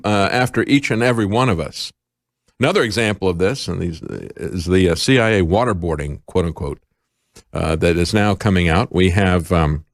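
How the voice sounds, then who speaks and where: A middle-aged man delivers talk-radio style commentary with real fire. His pitch swings widely as he presses his points, and the sound is close and dry with no room around it. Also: no room sound. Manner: impassioned, emphatic, rising to indignant peaks. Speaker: news show host.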